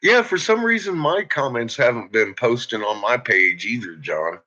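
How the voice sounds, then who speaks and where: A man rambling to his viewers on a live stream, with a bright, sharp tone and a pitch that swings widely. He swears constantly. The audio sounds dull and lo-fi. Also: lively intonation, moderate pace. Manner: profane, rambling, heavy cursing. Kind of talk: casual live-stream chat. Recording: dull lo-fi recording.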